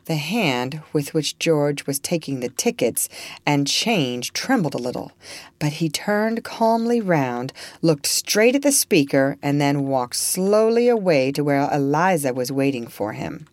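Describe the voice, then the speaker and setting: A woman reads a classic story aloud in an expressive storybook style. Her voice sits low but moves widely in pitch. The recording is dry and close. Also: unhurried, dry recording. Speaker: narrator. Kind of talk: storybook reading.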